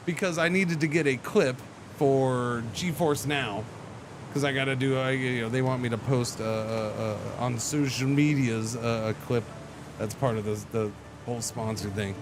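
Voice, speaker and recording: A man's voice: mid-range voice, moderate pace, noisy background. A man streaming a game, telling a rambling story in casual chat with lots of restarts. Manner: rambling, animated, many restarts. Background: background music.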